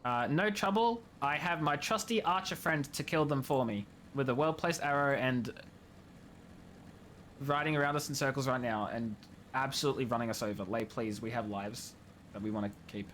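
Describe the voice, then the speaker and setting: A man's voice: medium pitch, moderate pace, fairly bright tone, a little hiss or hum. A young man casually commenting while he plays a game, joking and rambling and laughing often. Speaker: game streamer. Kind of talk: casual live gameplay commentary. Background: game music.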